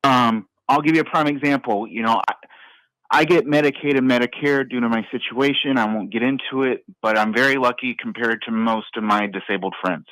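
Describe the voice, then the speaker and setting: A man calling in to a talk show, fighting back tears and speaking in a halting, stammering way. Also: medium pitch, a bit bright, no room sound, poor audio. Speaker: caller. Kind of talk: phone-in conversation.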